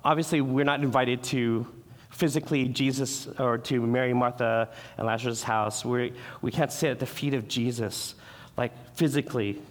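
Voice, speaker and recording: Male pastor, middle-pitched, earnest sermon delivery with restarts, recorded with long church-hall reverb. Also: steady tone, normal speed. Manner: earnest, repeats and restarts words, acts out quoted voices.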